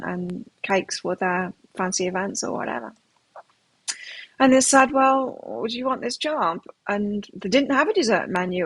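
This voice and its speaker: A woman's voice: mid-range voice, fairly bright tone, breathy edge, no echo, low-quality recording. A middle-aged woman giving a live tarot reading, chatty and rambling, often restarting her sentences. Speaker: tarot reader.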